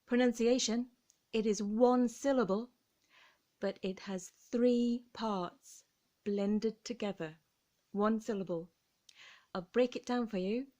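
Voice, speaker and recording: A woman with an English accent teaching pronunciation in a slow, carefully enunciated style with encouraging words. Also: on the high side, warm tone. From England. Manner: careful, deliberate articulation with encouraging tone. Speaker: English teacher and vocal coach.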